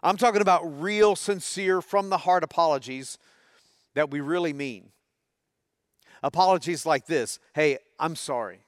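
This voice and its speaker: A man's voice: fairly high pitch, normal speed, long pauses, no echo, studio quality. A middle-aged man preaching a sermon, talking conversationally and putting questions to his audience. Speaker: pastor.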